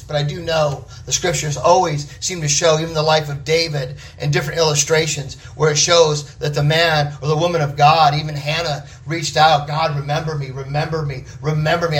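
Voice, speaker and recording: A man's voice: a little high, fairly bright tone, recorded from a distance. A man preaching a sermon with an emphatic, repetitive cadence.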